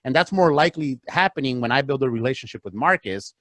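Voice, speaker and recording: A man on a podcast, telling business stories in an animated way and acting out bits of dialogue. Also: fast, dry recording. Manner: animated storyteller, acts out dialogue, big swings in pitch. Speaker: podcast guest, real estate investor. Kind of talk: casual chat.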